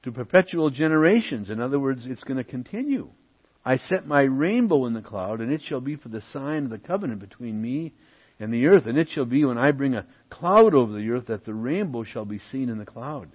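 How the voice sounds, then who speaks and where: Husky man teaching from the Bible. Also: mid-range voice, expressive, brisk. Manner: reads verses aloud, then comments with asides. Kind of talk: Bible teaching, reading and explaining scripture. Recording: muffled lo-fi recording.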